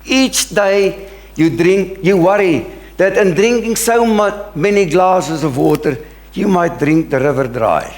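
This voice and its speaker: A man's voice: sits high, a little slow, reverberant. A middle-aged man, a pastor, preaching a sermon in an earnest, emphatic way. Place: church sanctuary.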